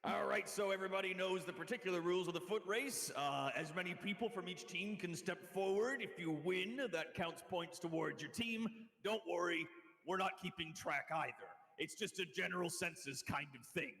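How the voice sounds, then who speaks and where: A man's voice: high-pitched, moderate pace, gravelly, a bit bright, big-room sound, voice pushed up. A man voicing a brash male orc arena announcer with tusks, in showy sports-announcer patter. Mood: hyped.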